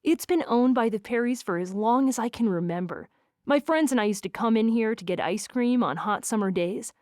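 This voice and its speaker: A woman's voice: fairly high pitch, moderate pace, a little mellow, no room sound, studio quality, lightly acted. A woman voicing an easygoing young male country music star in an audiobook.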